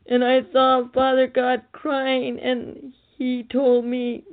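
Woman, high and flat voice, pleading prophetic speaker, thin phone-quality recording. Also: takes it slowly, hardly any pauses. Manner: earnest, tearful, pleading. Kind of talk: relayed prophetic message.

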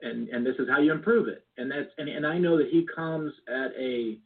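Appearing as a guest in a casual interview, a man who founded a business club speaks earnestly and reflectively, sometimes restarting his sentences. His voice sits at a medium pitch with a breathy edge, and he talks fairly quickly. The audio comes through a tinny, phone-like line.

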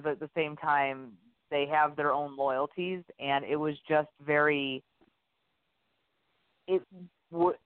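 A man co-hosting a casual TV review podcast, rambling and animated, often dropping into silly accents. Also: fairly high pitch, no room sound. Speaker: podcast co-host. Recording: tinny phone-like audio.

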